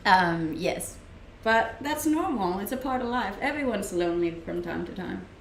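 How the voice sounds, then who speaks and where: A woman's voice: medium pitch, lively intonation, moderate pace, a little hiss or hum. A young woman from Denmark with a Danish accent, chatting casually on a live stream and answering viewers' questions, laughing often. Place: room at home, streaming. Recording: roomy home-mic sound.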